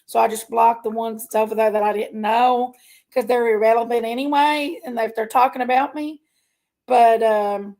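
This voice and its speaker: Fired-up, gravelly woman with a high voice. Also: moderate pace. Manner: emotional, fired up, tells herself to calm down. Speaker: online commentary streamer. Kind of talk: heated casual rant to viewers.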